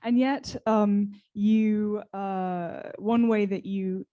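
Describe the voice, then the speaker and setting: Woman interviewer, mid pitch, mellow tone, dull lo-fi recording. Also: steady tone. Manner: slow, searching, with fillers. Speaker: event host and interviewer. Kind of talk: live author interview. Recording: dull lo-fi sound.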